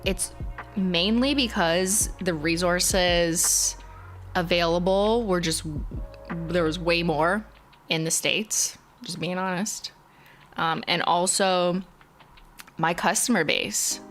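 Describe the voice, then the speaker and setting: A Canadian woman in her thirties with a fairly low voice chats through a livestream, talking loosely with lots of "like" and soft laughs. Her slight Canadian accent comes through. Faint music plays behind her. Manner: chatty, laid-back, filler-heavy with frequent "like" and laughs. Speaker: livestream host. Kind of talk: casual livestream chat, reading and answering chat.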